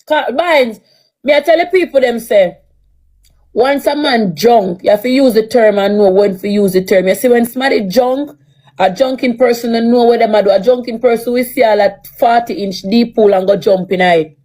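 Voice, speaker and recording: A woman's voice: on the high side, normal speed, a little mellow. A Jamaican woman casually explaining what happened, often repeating herself as she tells it. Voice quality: repetitive, storytelling.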